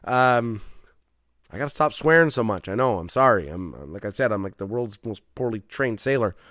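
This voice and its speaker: A man's voice: lowish voice, lively intonation, moderate pace, a bit bright, no room sound, studio quality. A man hosting a solo comedy podcast from his garage, rambling, self-deprecating and swearing often. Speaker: podcast host. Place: home garage.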